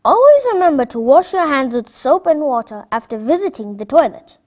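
A woman voicing a patient doctor who slowly explains hygiene to children in a storybook. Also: sits high, very animated, a little mellow. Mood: instructive. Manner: slow, instructive. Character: patient, kind doctor giving advice.

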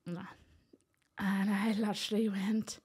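Speaking at an unhurried pace, this podcast guest from Northern Ireland, a woman in her thirties, recounts something that happened to her. Her pitch is medium with a breathy edge, and she animates the tale by voicing each character.

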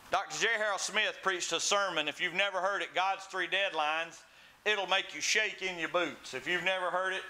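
A man's voice: high-pitched, bright, forceful tone, poor audio. A man preaching a sermon, telling stories and acting out the voices in them. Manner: storytelling preacher, acts out quoted voices with big swings. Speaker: pastor.

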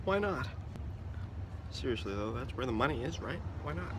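A man talking to camera outdoors on city streets, joking through a mock presidential campaign with drawn-out, sing-song slogans. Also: medium pitch, animated, very noisy. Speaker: vlogger running a joke presidential campaign. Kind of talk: casual vlog to camera, mock campaign speech.

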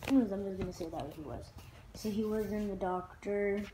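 A woman talking in a rambling personal vlog, halting with many fillers and restarts. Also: mid-range voice, noisy background. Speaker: vlogger.

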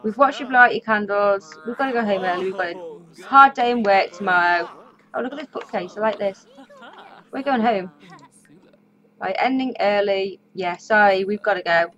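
This let's play host is a woman whose mid-range voice is a bit bright and moves at a moderate pace. She keeps things chatty and casual, talking to the game characters, on slightly dull lo-fi audio.

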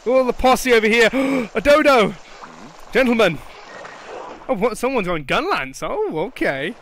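A young man hosting a gaming channel, giving excitable, joking, profane commentary as he plays online with teammates. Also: very high voice, measured pace, pauses often, a little hiss or hum. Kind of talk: live gameplay commentary. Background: game music.

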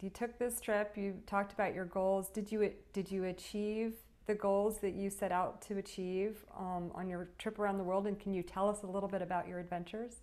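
A woman hosts a conversation with two guests, responding with lots of praise before leading into her next question. Her voice sits at a middling pitch and her manner is encouraging. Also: fairly even intonation, normal speed, hardly any pauses, darkish tone. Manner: enthusiastic, encouraging. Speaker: interview host. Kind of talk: interviewing.

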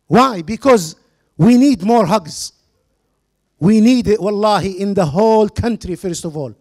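A man's voice: high-pitched, measured pace, darkish tone. A man speaking at a charity fundraiser, telling stories and making an earnest appeal in non-native English sprinkled with religious phrases. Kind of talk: public speech with storytelling.

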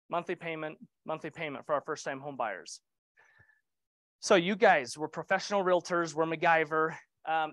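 A man's voice: high voice, fairly bright tone, dry recording. A middle-aged man leading a real estate training session, casual and joking, asking the group questions.

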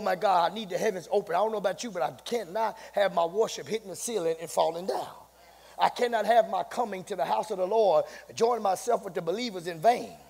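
Male pastor, high voice, in a hall that climbs to shouting. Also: creaky, breathy edge. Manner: builds to shouting, repeats "my God" often. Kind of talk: sermon. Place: church sanctuary. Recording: long hall reverb.

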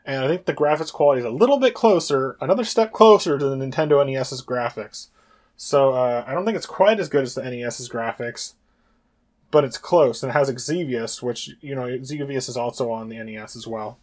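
A man at an everyday middle pitch gives a relaxed tour of his game collection. He rambles along, pausing on fillers and correcting himself as he goes. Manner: rambling, hesitant with many fillers. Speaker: retro game collector and channel host. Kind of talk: casual video tour.

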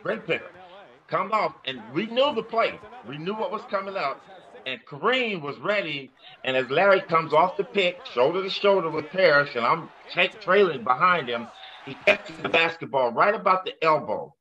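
A man who once played the game tells an animated story from his career, getting louder as it builds. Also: on the high side, normal speed, muffled recording. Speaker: former player telling a story.

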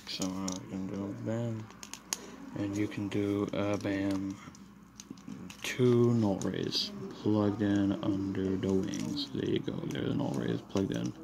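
A man's voice: on the low side, takes it slowly, vocal fry. A man doing a casual, rambling toy review at home, apologetic and frustrated. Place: room in a house. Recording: noisy home recording.

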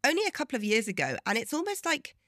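A woman's voice: on the high side, huge pitch swings, fast talker, fairly bright tone, dry recording, studio quality. A woman co-hosting a casual chat podcast, chatty and laughing often. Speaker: podcast co-host.

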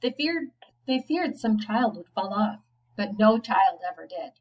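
A woman, a teacher, reading a children's novel aloud, giving the children's lines a lively lift. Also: mid-range voice, measured pace, recorded from a distance, rough recording. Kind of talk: storybook read-aloud.

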